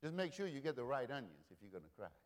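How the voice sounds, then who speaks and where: A man preaching a sermon, repeating lines, swelling loud and falling quiet. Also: medium pitch, sing-song, quick pace. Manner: rousing preaching with repetition, rising and dropping in volume. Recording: long reverb of a large hall.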